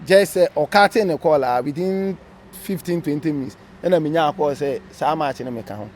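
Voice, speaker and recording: A man's voice: a little high, brisk, a little mellow, a little hiss or hum. A Ghanaian man, a former referee, being interviewed, telling his story animatedly in a casual mix of English and Twi.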